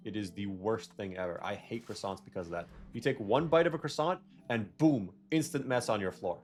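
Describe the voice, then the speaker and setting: Low-voiced young man rambling over gameplay. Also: fairly quick, darkish tone, faint music behind. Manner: rambling, self-correcting, jokey rants. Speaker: gaming video creator. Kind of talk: casual gameplay commentary with tangents.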